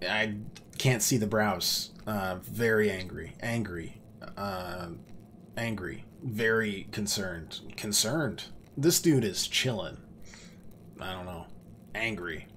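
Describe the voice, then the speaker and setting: A man's voice: lowish voice, slight background noise. A man doing casual gameplay commentary as a let's play host, making joking, offhand remarks.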